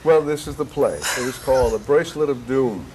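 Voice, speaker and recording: An older man, an actor being interviewed, telling stories in an animated, rambling way with restarts. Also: mid-range voice, fairly quick, noisy background. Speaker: actor guest. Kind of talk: conversational interview storytelling. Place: local TV studio.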